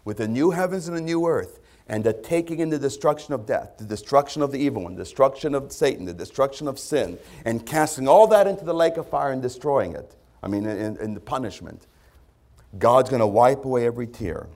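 A man pastor delivering a conversational sermon to his congregation, breaking now and then into loud put-on voices. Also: medium pitch, lively intonation, a little fast.

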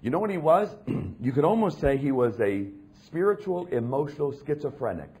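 A man preaching a sermon with a husky, slightly breathy voice. His pitch rises and falls widely as he shifts from low, hushed phrases to loud, emphatic passages. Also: very animated, moderate pace.

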